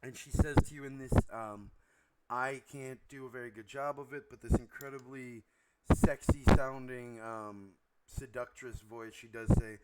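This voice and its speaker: A man narrating as game master of a tabletop game, describing scenes in a relaxed way with frequent ums. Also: medium pitch, moderate pace, background noise.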